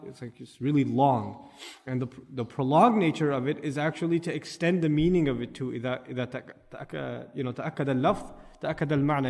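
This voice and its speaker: A man's voice: medium pitch, darkish tone, big-room sound. A man giving a Quran commentary lecture, explaining Arabic terms and growing impassioned as he speaks. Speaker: Quran teacher. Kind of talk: tafsir lecture.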